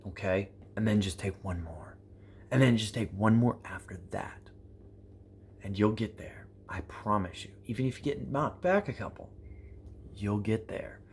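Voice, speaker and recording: This prepper vlogger, a man in his thirties, has a lowish voice and there's a little hiss or hum in the recording. Telling motivational stories to his viewers, he stays animated and profane, playing the people in his tales and hammering phrases through repetition.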